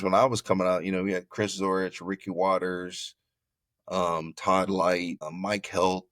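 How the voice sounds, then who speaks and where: Deep-voiced man telling his story. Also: dry recording. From Florida. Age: middle-aged. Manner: animated, conversational, repeats phrases for emphasis. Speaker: former football player, guest. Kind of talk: candid interview storytelling.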